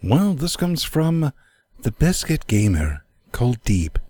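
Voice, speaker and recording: A man's voice: medium pitch, very animated, slow, mellow, husky, no room sound. A man co-hosting a gaming podcast, talking in profane, rambling, jokey banter. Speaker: podcast co-host.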